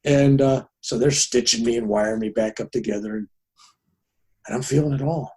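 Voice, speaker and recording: As a guest on a podcast, a man in his seventies animatedly recounts a personal story, playing the parts of the people involved. He speaks at a moderate pace in a mid-range, slightly rough voice.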